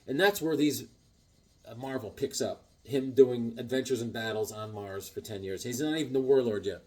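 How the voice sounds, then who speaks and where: A man in a casual vlog, excitedly showing off his comic collection with rambling, self-deprecating asides. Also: medium pitch, normal speed. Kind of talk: casual show-and-tell vlog.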